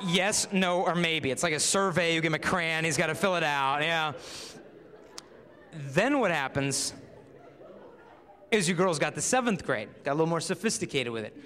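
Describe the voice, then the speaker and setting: A man's voice: a little high, moderate pace, pauses often. A young man giving a live talk to a young audience as a chastity speaker, telling stories with animation and acting out the voices of the people in them. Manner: animated storyteller who acts out voices. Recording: reverberant hall.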